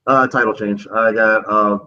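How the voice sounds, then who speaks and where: A man's voice: on the low side, steady tone, moderate pace, sharp tone. A man co-hosting a wrestling preview chat, talking casually and hesitantly. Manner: casual, hesitant, restarts sentences. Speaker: co-host. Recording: dull lo-fi mic.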